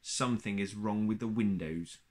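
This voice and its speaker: A man's voice: fairly low pitch, normal speed, darkish tone, lightly acted. A man voicing a mild, wondering, honey-loving teddy bear in a storybook reading. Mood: gentle.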